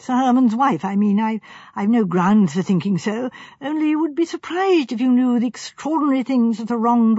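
A woman's voice: on the high side, darkish tone, slightly rough, no echo. A woman reading the part of a mild, self-effacing grizzled male doctor who talks diffidently. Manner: diffident, apologetic. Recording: slightly dull, dry recording.

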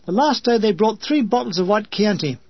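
A man narrates a memoir with dry, deadpan humour. His voice is high and husky. The recording sounds dull and lo-fi, with a close, dry sound. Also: a little fast, no room sound. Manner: dry comic storytelling.

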